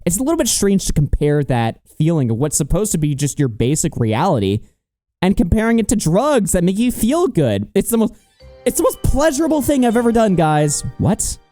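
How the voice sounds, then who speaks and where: Animated, dark-voiced male streamer host. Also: fairly high pitch, moderate pace, no room sound, soft background music. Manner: animated, incredulous, swears and laughs often. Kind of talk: casual stream commentary.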